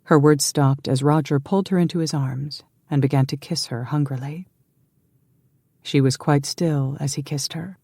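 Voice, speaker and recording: Brief: a low-pitched woman reading a historical romance, measured and hushed, dry studio sound. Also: fairly even intonation, breathy edge, dry recording. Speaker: audiobook narrator. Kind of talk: scripted narration.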